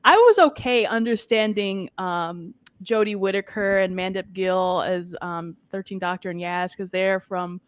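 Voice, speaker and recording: A woman co-hosting a podcast in casual chat, talking freely and laughing often. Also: on the low side. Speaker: podcast co-host. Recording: dull muffled podcast audio.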